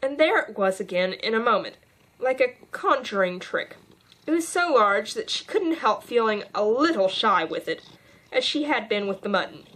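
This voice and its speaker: A woman reads a children's story aloud as an audiobook narrator. Her voice sits fairly high, and her reading is unpolished, with small stumbles and restarts. It sounds like a volunteer recording. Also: big pitch swings, normal speed, fairly bright tone. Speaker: volunteer reader.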